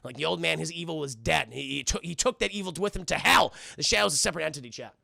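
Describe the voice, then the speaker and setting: A man's voice: fairly high pitch, fast, creaky, pushed and bright, no echo. A man hosting a casual live-stream review who talks loosely, swears and keeps addressing his chat.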